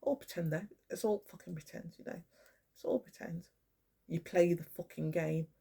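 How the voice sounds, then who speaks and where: An older speaker with a gravelly, dark voice that has a husky edge. The talk is a rambling monologue, emphatic and full of profanity. It is halting, with frequent restarts and repeated phrases. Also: mid-range voice, steady tone.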